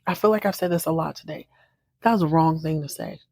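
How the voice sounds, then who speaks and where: A woman podcast host recapping a TV drama episode in a sassy, animated way, laughing often as she comments. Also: low-pitched, fast talker, breathy edge, no room sound.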